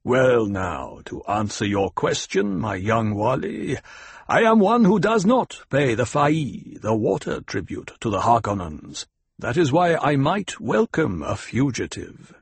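A stern desert chief , as a man reads him aloud, who weighs every word, slow and commanding. His voice is gravelly and a little husky, with a lively rise and fall, heard close and dry. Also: mid-range voice, no room sound, full character voice. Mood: measured. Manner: slow, deliberate, authoritative. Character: tall, stern male desert tribal leader, measured and commanding. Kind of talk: audiobook character voice.

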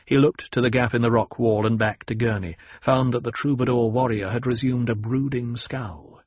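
A man reading audiobook narration in an even, measured way with a husky voice. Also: mid-range voice, no echo. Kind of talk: scripted narration.

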